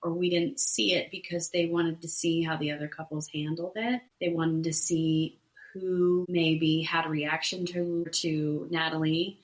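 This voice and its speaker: A woman with a lower voice talks through a reality show episode in a relaxed podcast chat. She walks through what happened point by point, dotting it with "um" and "right?". The sound is roomy and echoey. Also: a little slow, hardly any pauses. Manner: recaps events step by step with many "um"s and "right?". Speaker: podcast co-host.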